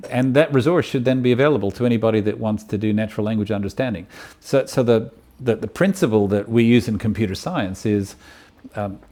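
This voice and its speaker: A man giving a university lecture, halting often with ums and restarting his phrases. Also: lowish voice, a little mellow.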